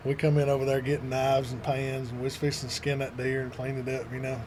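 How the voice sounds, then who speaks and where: A man's voice: medium pitch, level tone, fast, a little mellow. A man telling a folksy story in casual chat with friends. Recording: noisy room ambience.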